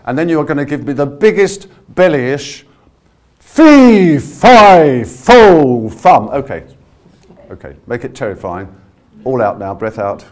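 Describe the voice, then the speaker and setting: Energetic man coaching a live audience. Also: medium pitch, moderate pace. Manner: energetic, encouraging, leads the audience through exercises. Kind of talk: live workshop demonstration. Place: conference room with a live audience. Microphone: no handheld mic, projecting to the room.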